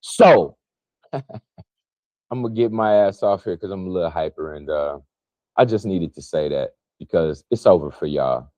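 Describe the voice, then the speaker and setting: A man delivering a heated, profane spiritual monologue to his viewers, preachy and emotional while fasting, his pitch swinging widely. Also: expressive, mellow, dry recording, rough recording. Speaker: spiritual vlogger.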